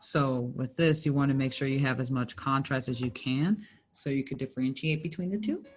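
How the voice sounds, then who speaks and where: A woman's voice: extremely low pitch, a little fast, soft background music. A young woman working for a library, teaching a small painting class in a casual, chatty way with lots of "like" and self-corrections. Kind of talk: casual craft tutorial.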